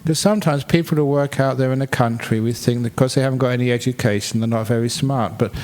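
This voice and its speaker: A male Buddhist monk telling a fable in a relaxed dharma talk. His middle-pitched voice stays chatty and humorous, and he laughs at his own jokes. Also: fast talker.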